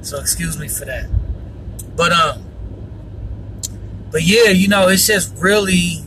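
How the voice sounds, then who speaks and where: A man's voice: sits high, slow pace, sharp tone, recorded from a distance. A man hosting a personal faith podcast, talking earnestly and rambling with many fillers and yawns. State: yawning often. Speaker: podcast host. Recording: noisy, voice from off the mic.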